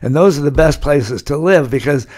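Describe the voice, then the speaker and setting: A man's voice: fairly high pitch, expressive, normal speed, darkish tone. An older man, a guest on a podcast, telling a rambling anecdote in a casual interview, full of uh fillers and restarts.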